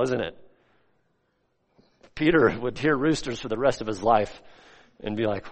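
A male pastor preaching a sermon, swinging between loud, rising emphasis and soft, hushed lines. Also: mid-range voice, measured pace, long pauses. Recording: long hall reverb.

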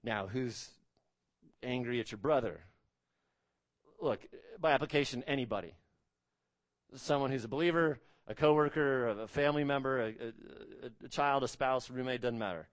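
Male pastor, sermon delivery, emphatic with big rises and quiet drops; mid pitch, dry recording. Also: moderate pace, no echo. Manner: emphatic, rising to stress key words and dropping low on solemn points.

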